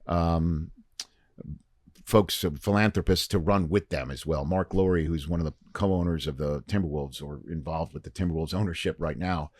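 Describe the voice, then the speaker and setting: Deep-voiced man telling a story. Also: normal speed, no room sound. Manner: animated storyteller, acts out quoted dialogue. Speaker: podcast guest. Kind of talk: casual storytelling chat. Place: podcast studio.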